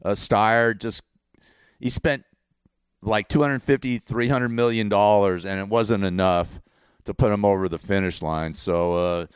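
A man's voice: lowish voice, fairly even intonation, measured pace, clean tone, no echo, clean studio sound. A man from California with a Californian accent, ranting casually and sarcastically, rambling and repeating himself and laughing at his own jokes. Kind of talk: casual political rant to camera.

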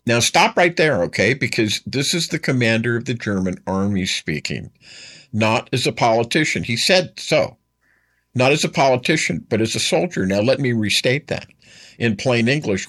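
A man's voice: mid-range voice, a bit bright. A man giving a storytelling history lecture. He talks to the listener directly and repeats his key points for emphasis.

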